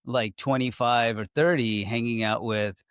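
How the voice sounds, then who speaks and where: A man's voice: medium pitch, steady tone, unhurried, fairly bright tone, clean tone, dry recording, studio quality. A young man co-hosting a podcast, telling stories in casual, chatty talk full of filler words. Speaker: podcast co-host. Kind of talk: casual chat.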